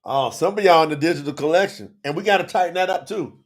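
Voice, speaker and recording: A man's voice: a little high, fast. A man teaching scripture on a live stream, emotional and teary, sweating, calling out to his viewers in the chat. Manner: emotional, preachy, talks to chat.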